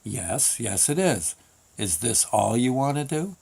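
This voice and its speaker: A soft, unseen male voice from above, calm and probing, with a slightly low, muted tone, as a storyteller puts it on. It speaks slowly and quietly and keeps asking questions. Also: gravelly, breathy edge, exaggerated voice. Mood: hushed, probing.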